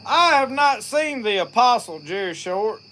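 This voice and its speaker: A middle-aged man with a Southern Mississippi accent rambles along in a folksy way, talking straight to his live-stream viewers. His voice sits high and sounds bright and forceful. Faint crickets and insects chirp in the background. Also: very animated, unhurried, a little hiss or hum. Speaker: outdoors channel host. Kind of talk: casual live-stream chat.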